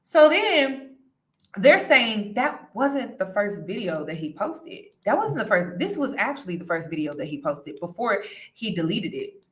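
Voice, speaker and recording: A woman hosting casual commentary for her live chat, talking in an animated way and repeating herself for emphasis. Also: medium pitch, a little slow. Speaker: commentary vlogger.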